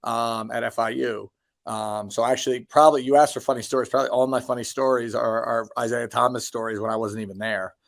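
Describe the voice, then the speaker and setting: A man's voice: medium pitch, steady tone, brisk, gravelly, no room sound. A man in his thirties talks through his career in a loose, rambling way, full of ums and restarts. Dry little jokes at his own expense slip in. The sound is close and dry, with no room around it. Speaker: basketball coach, guest. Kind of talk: casual interview answers.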